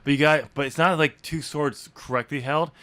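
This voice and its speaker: A man's voice: fairly high pitch, steady tone, moderate pace, a bit bright, dry recording. A man hosting a casual podcast, teasing his co-host with sarcasm and hesitant ums. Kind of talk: casual banter.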